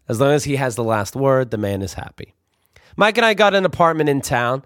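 A young man telling comic stories about his youth in a wry, deadpan manner. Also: mid-range voice, a little fast, clean tone, no room sound, clean studio sound. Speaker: storyteller. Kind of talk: comic storytelling.

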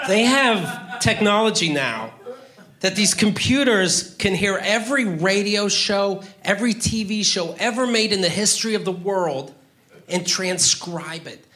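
A man doing a stand-up comedy routine, ranting profanely with sudden loud outbursts. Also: high voice, expressive, a little slow.

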